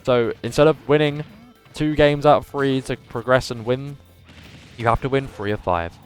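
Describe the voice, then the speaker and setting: A man calls a live video game tournament in a punchy, emphatic commentator voice and chats with his viewers between the plays. His voice sounds a little worn and strained. Faint music runs quietly underneath. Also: medium pitch, moderate pace. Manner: animated commentator voice, says his voice is going. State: slightly strained voice.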